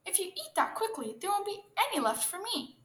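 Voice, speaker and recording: A woman voicing a gentle, patient female turtle who speaks mildly and pleads with others in a storybook reading. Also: extremely high pitch, sing-song, normal speed, creaky, echoey room, voice pushed up, full character voice. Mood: pleading.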